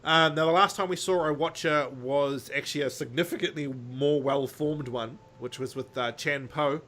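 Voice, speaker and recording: A man's voice: a little high, moderate pace, a bit bright. A man co-hosting a podcast, casually recapping a story in a rambling, jokey way with lots of ums. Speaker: podcast co-host.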